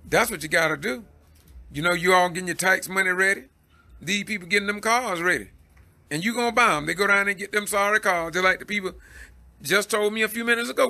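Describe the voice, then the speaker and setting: A man's voice: high-pitched, creaky, bright, forceful tone. A man from Georgia with a Southern accent, hosting a Facebook Live commentary in a preachy, exhorting way, laughing in exasperation. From Georgia, USA. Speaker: citizen news host.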